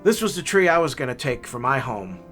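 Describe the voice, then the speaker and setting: A man's voice: medium pitch, sing-song, a little fast, fairly bright tone, soft background music. A man voicing a generous tree lot attendant who talks in an easygoing, folksy way. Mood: kind.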